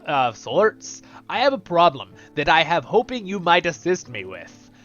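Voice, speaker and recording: A man's voice: fairly high pitch, dull audio, voice pushed up. A man voicing a worried innkeeper in a video game, with a put-on Irish or Scottish accent, reading stiffly with stumbles. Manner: reads quest text aloud with stumbles. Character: grumbling male innkeeper fretting over his haunted inn.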